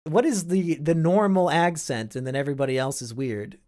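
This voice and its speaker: A man's voice: fairly high pitch, normal speed, a little mellow. A young man from Iowa hosting a casual live stream, reading and answering chat with sardonic, profane banter.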